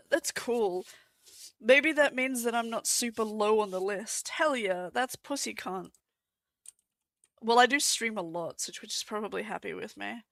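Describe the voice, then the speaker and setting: Slow-talking, bright-voiced Australian woman streamer. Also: on the high side, gravelly, no room sound. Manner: crude, swears freely, reads chat aloud. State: stoned. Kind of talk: casual stream chat.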